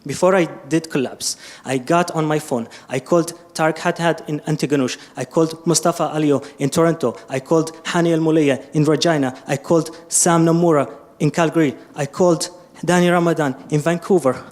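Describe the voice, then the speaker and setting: A man from Syria asking an emotional, halting question from the floor of a public lecture, pleading for help. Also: a little high, fairly even intonation, a little mellow. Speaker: audience member asking a question. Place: lecture hall.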